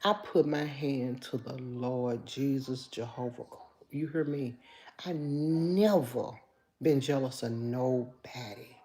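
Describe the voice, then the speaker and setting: Memphis lady in her 50s on a live stream, low mellow voice, chatty, talking to y'all. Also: steady tone, measured pace, hardly any pauses. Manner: chatty, addresses viewers as y'all. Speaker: livestream host. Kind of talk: casual chat reading viewer comments.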